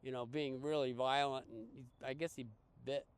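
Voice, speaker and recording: A man, a podcast guest, telling a casual story in a rambling way with many restarts and animated quoted dialogue. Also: mid-range voice, normal speed, clear, resonant tone. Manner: rambling, full of restarts and fillers, animated quoting.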